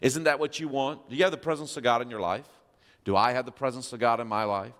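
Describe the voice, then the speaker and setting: A man's voice: mid-range voice, fairly even intonation, fast talker, fairly bright tone, in a large hall. A male pastor preaching a sermon, reading scripture and asking the congregation questions with emphasis.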